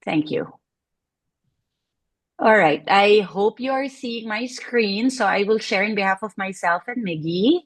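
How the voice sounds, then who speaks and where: A woman, a senior consultant presenting a case study over a video call. She talks in a chatty, animated way with frequent fillers. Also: medium pitch, a little slow. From Philippines. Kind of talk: online presentation.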